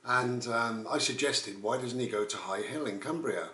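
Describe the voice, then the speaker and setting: A man's voice: medium pitch, normal speed, sharp tone, a little hiss or hum. A man, telling a rambling, casual story as a vlogger. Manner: rambling, with frequent "and all the rest of it". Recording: roomy, distant mic.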